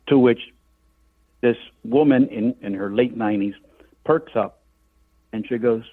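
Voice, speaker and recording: The Cuban author, an older man, talks at normal speed with medium pitch and fairly even intonation, leaving long pauses. A vivid storyteller on radio, he acts out quoted voices over a phone, with no room sound and a tinny line.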